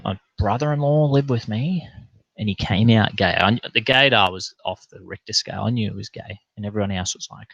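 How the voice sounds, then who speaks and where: A man's voice: fairly low pitch, creaky, no echo, dull audio. A young Australian man hosting a casual livestream, telling rambling, sweary anecdotes in broad slang and reading out chat comments.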